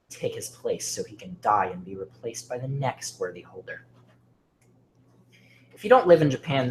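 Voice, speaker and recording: Man, horror story narration, dramatic, often near a whisper, faint background hiss. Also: medium pitch.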